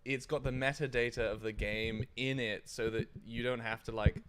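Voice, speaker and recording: A man, a guest in a casual live-stream interview, talking in halting bursts with restarts and casual swearing. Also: medium pitch, steady tone, a bit bright, slight background noise. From United Kingdom. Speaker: guest, former streaming platform engineer.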